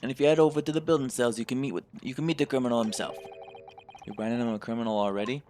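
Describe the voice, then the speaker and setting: A man's voice: mid-range voice, rapid-fire, a little mellow, slight background noise, lightly acted. A man voicing a blunt, dismissive middle-aged police inspector in a put-on British accent while playing a game.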